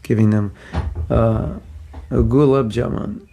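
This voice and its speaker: Older male teacher, raspy edge, anecdotal, mid-pitched and chuckling. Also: fairly even intonation, takes it slowly, mellow, slight background noise. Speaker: spiritual teacher. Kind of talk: casual religious class.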